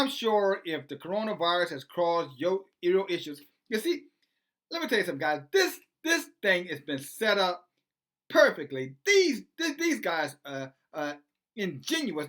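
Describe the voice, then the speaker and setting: A preachy online commentator reads news aloud and breaks off to argue with it. The delivery is lively, and the pitch leaps up and down. The tone is bright and cutting, and the talk is packed with sarcastic rhetorical questions. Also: normal speed.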